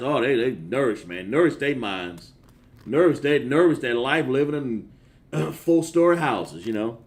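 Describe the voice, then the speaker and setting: A man preaching a sermon over a phone livestream, reading scripture with heavy drawn-out stresses and chatting with viewers. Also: mid-range voice, sing-song. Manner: emphatic, drawn-out stresses, chats with viewers between verses.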